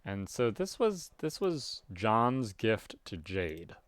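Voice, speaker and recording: A man with a fairly low voice reads a webcomic aloud and comments as he goes. His delivery swings widely in pitch, jumping into loud exclamations. The recording is dry and close, with no room sound. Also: slow pace, no room sound. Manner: reads narration evenly, with sudden loud animated outbursts. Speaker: webcomic reader. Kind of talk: casual read-aloud with commentary.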